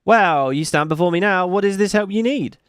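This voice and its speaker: A man's voice: high-pitched, brisk, fairly bright tone, smooth, no echo, studio quality. A man reading the lines of a wary, stern castaway shaman in a video game. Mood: guarded.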